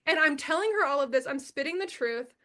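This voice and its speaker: A woman's voice: sits high, lively intonation, brisk, bright, forceful tone. A young adult woman as a podcast guest, telling a personal story in a blunt, emphatic way, swearing freely and repeating her key lines.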